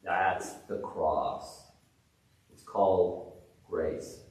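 A man preaching a sermon, animated, swinging between loud exclamations and hushed reverence, with frequent restarts. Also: deep voice, extremely slow. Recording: very echoey, distant mic.

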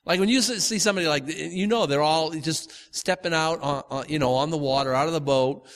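A man's voice: fairly high pitch, a bit bright. Man teaching scripture in a reverberant hall. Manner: conversational, halting restarts, acts out quotes. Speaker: preacher. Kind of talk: informal Bible teaching.

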